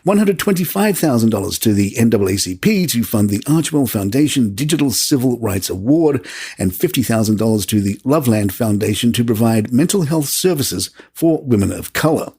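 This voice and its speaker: A man hosting a podcast, reading a scripted news segment in a steady, measured way. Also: medium pitch, slightly rough. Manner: steady, measured delivery of figures and quotes. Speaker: podcast host.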